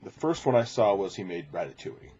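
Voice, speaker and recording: A man hosting a podcast in casual chat, talking in a chatty, playful way and sometimes slipping into quick impressions. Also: fairly low pitch, sing-song, lo-fi sound, a crowd in the background. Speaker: podcast host.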